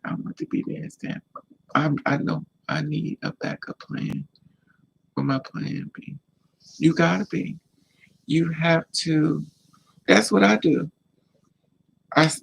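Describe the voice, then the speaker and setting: A man gives life advice to camera in a casual vlog, yet he repeats himself emphatically, as insistent and preachy as a sermon. His voice is gravelly, a bit husky and fairly high for a man, captured on a rough recording.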